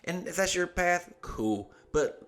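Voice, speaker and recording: A man's voice: high voice, expressive, slow pace, fairly bright tone. A man in his thirties telling crude, joking stories as a podcast co-host. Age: 30s. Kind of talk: casual comedy podcast chat.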